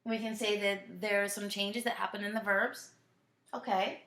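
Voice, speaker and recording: Patient French teacher in an echoey room. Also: female voice, mid-range voice, fairly even intonation, pushed and bright. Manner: patient, drills conjugations slowly and repeats often. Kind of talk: recorded classroom lesson, switching between French and English.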